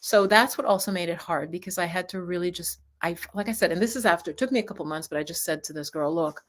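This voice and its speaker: A woman's voice: on the low side, quick pace, fairly bright tone. A woman hosting a casual live chat on friendships, talking in a rambling, reflective way with many restarts and asides to viewers. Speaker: host.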